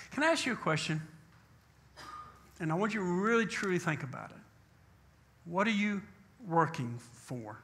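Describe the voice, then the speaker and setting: Man pastor, high voice, bright tone, emphatic sermon, rhetorical questions. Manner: emphatic preacher, rhetorical questions, slows for scripture.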